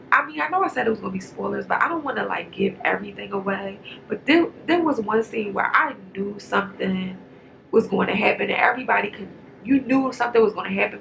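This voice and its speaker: A woman's voice: mid-range voice, gravelly, slight background noise, poor audio. A woman giving a casual, rambling movie review straight to camera. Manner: chatty, rambling, animated.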